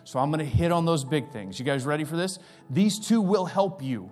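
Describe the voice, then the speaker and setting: A man in his forties preaching a sermon as pastor, energetic and acting out the voices he quotes. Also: fairly high pitch, fairly quick, soft background music.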